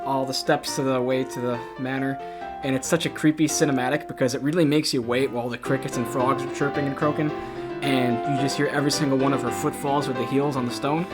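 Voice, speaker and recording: A man's voice: medium pitch, steady tone, fast talker, loud music behind the voice. A man co-hosting a video game review show, chatty and opinionated, laughing now and then. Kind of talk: casual review chat.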